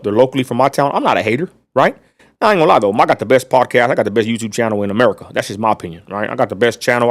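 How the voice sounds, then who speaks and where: A man's voice: medium pitch, no room sound. Blunt ranting West Texas man. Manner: blunt, ranting, addresses viewers as y'all. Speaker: livestream host. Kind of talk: casual livestream rant.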